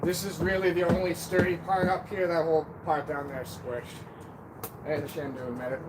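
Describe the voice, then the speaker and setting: Chatty high-voiced man streaming outdoors. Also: flat delivery, brisk. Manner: chatty, joking, self-deprecating. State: out of breath at times. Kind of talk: casual live-stream chat. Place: outdoors on a backyard deck. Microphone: camera on a stand. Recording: outdoor noise behind the voice. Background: birds and wind.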